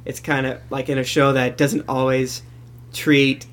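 A man's voice: medium pitch, flat delivery, unhurried, a bit bright. A man co-hosting a podcast, chatting casually and reading listener reviews aloud with asides. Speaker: podcast co-host.

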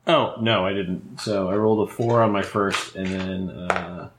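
A man playing a tabletop game, chatting quickly and laughing between dice rolls. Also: sits low, fairly even intonation. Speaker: player. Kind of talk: casual tabletop game chat.

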